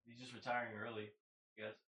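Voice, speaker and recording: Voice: mid-range voice, level tone, a little fast, a bit bright, a little hiss or hum. Chatty podcast co-host in an echoey room. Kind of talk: casual podcast chat. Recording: roomy echo, faint ambience.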